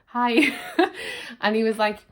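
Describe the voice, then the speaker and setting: A woman's voice: medium pitch, moderate pace. Woman in her 30s doing a chatty q&a vlog, laughs at herself a lot. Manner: chatty and self-deprecating, laughing often. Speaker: YouTuber. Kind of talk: casual Q&A vlog.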